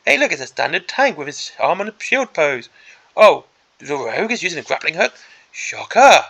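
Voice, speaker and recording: A man with a gravelly, crackly edge to his voice that sits a little high for a man. He has a bright, sharp tone. He rants through a preview in an exasperated, sarcastic way. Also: sing-song, fast talker. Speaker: miniatures hobby channel host. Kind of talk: ranting preview commentary.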